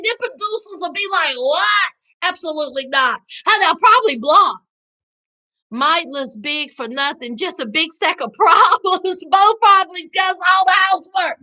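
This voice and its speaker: Southern lady live-chatting a recap, real high bright voice, sassy and loud, calls everybody honey. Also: low-quality recording. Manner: sassy, animated, calls viewers child and honey. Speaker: livestream host reading chat. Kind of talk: casual live chat recap.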